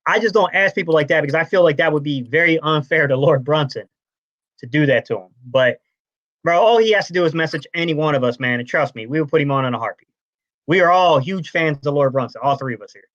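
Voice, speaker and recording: A man's voice: fairly high pitch, quick pace, dry recording. Brash sports fan man, lo-fi stream. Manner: animated, brash, says bro a lot. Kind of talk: casual sports chat. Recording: dull lo-fi stream audio.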